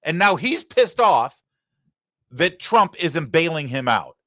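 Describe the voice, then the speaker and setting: A male talk show host from Michigan rants with heat and mockery, his pitch leaping around animatedly. His voice is bright and forceful, recorded close and dry with no room sound. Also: sing-song, slow pace, no echo. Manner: heated, mocking rant. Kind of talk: opinion commentary.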